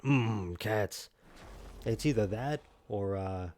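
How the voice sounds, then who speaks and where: A man's voice: fairly low pitch, slow pace, a little mellow. A man streaming a video game from home, joking and rambling as he chats with his viewers by name. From New York. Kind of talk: casual gaming stream chat.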